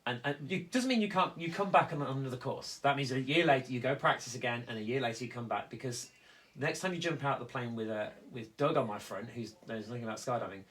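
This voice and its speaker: A man speaking earnestly in a reflective conversation, halting and restarting as he explains how he copes with loss. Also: medium pitch, fairly bright tone. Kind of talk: reflective conversation about grief.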